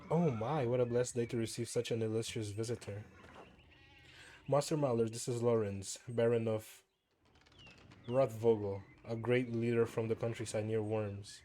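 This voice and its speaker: This is a man reading the part of a stern village priest. His voice is medium in pitch with fairly even intonation, delivered at normal speed in a warm, natural tone over slight background noise.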